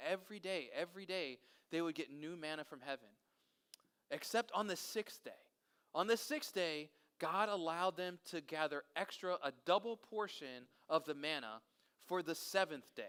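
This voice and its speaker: A man leading a children's service outdoors, telling a Bible story and quizzing the kids. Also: high-pitched. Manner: animated, asks kids questions. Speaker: children's pastor. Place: outdoors in a park.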